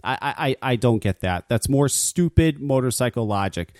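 A man's voice: mid-range voice, expressive, normal speed, darkish tone, no room sound. Man, talk radio host, swearing rants, stammers, dry close sound. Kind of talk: casual ranting chat.

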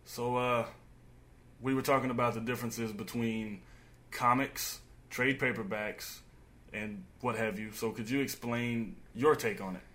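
A man's voice: mid-range voice, fairly even intonation, unhurried, a bit bright. A man hosting a podcast, playing it straight with frequent stammered restarts. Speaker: podcast host. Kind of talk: casual podcast chat.

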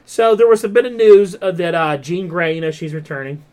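A man hosting a podcast, retelling a story in a rambling, animated way, with lots of "like" and "um". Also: high voice, a little fast. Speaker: podcast host. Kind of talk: casual podcast chat.

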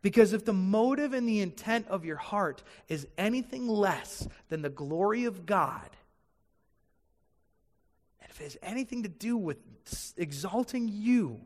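A man with a notably high speaking voice preaches a sermon, driving his points home by repeating them. His voice rings out with a long reverb, as in a large sanctuary before a congregation. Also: expressive, unhurried. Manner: emphatic preaching with repeated phrases. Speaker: pastor.

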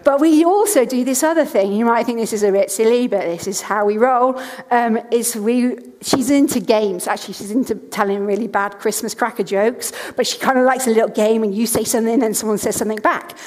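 A woman in her thirties gives a sermon, her voice sitting a little high for a woman. She moves from chatty family anecdotes to earnest, emphatic repetition. The long reverb of a church hall trails behind her words. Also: a little fast, darkish tone. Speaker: preacher. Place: church stage.

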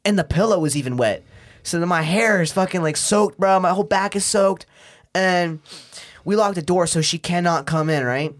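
A young man recounts a messy night to a friend on a podcast, swearing freely and breaking into laughter. His voice sits a little high. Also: moderate pace. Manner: animated, swearing, laughing often, slangy. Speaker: guest. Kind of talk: casual storytelling chat.

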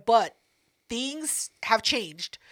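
A woman co-hosting a podcast, chatting casually with quick, teasing retorts. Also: fairly high pitch, expressive. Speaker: podcast co-host. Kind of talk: casual chat.

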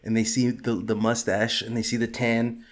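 A man's voice: mid-range voice, flat delivery, moderate pace. Podcast guy, laid-back, joking, swears a lot. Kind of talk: casual podcast chat.

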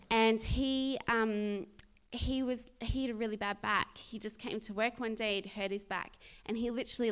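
A woman with a somewhat high voice tells a congregation a personal testimony in a loose, conversational way. She rambles, leans on "um" and "like," and laughs often as she goes. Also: smooth. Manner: rambling and animated, lots of "um" and "like"; laughs often while telling the story. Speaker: speaker sharing a testimony at church. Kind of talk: chatty storytelling testimony to a congregation.

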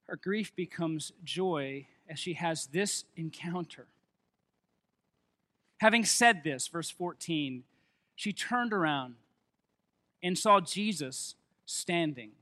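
A man preaching a sermon, reading scripture and building to loud, emphatic stretches. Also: high voice.

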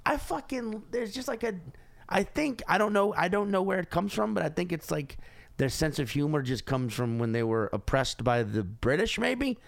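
Comic guy on a podcast, voice jumps all over, slightly high, jokey and sweary. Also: moderate pace, gravelly. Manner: animated storyteller, swears, jokes. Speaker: comedian guest. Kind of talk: casual chat.

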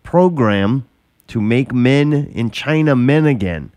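A man's voice: medium pitch, expressive, slow pace. A man hosting a casual comedy chat, laughing easily as he talks. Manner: laughing, loose delivery.

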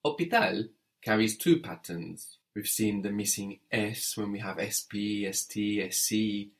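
A man's voice: on the low side, unhurried. A man teaching French in an audio lesson, patient and methodical, prompting the learner and spelling words letter by letter.

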